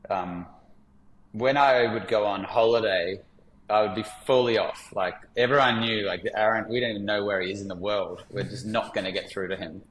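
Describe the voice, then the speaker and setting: A man, a podcast guest telling stories in a candid, relaxed way with many fillers. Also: fairly low pitch, normal speed, reverberant, a little hiss or hum, poor audio. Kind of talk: reflective storytelling in conversation.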